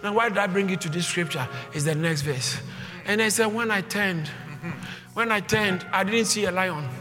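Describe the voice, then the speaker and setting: A male pastor preaching with passion, swinging from low murmurs to shouted refrains and repeating phrases for emphasis. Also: normal speed, long reverb tail, over music. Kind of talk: sermon.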